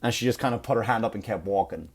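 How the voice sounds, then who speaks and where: A man's voice: lowish voice, racing, breathy edge. A man, hosting a comedy podcast and telling a story as a rant, full of swearing and acted-out quotes. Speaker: podcast host.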